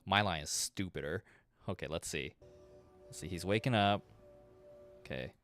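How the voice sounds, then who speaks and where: A man streaming while drawing, chatting in a rambling, excitable way. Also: low-pitched, moderate pace. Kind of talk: casual chat while drawing. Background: music.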